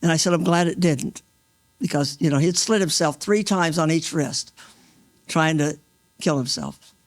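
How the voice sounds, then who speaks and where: A mail carrier in his sixties recounting a rescue at an awards event in an earnest, halting way, restarting often and acting out what people said. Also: on the high side, no room sound. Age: 60s. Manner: earnest, halting, with many restarts and re-enacted quotes. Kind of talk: emotional first-person storytelling. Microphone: stage microphone.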